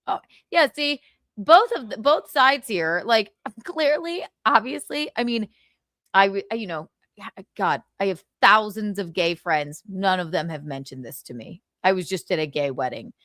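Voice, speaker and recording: Woman streamer, sarcastic, swears, lively swooping voice, dry close mic. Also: mid-range voice, a little slow, no echo. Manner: laughing, profane, sarcastic. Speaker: live-stream host. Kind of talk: casual gossip live stream.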